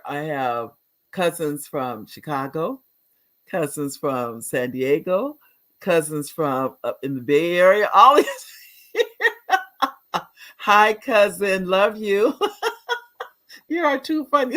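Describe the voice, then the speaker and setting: A middle-aged woman with a deep voice hosts a casual live talk show, rambling chattily as she reads viewer comments and laughing often.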